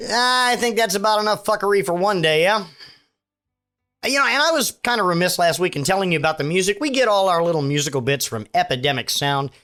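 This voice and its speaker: A man's voice: sits high, animated, brisk, bright, forceful tone. A man hosting a comedy podcast, talking in a loose, offhand way with profane asides. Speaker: podcast host. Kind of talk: casual comedic podcast sign-off.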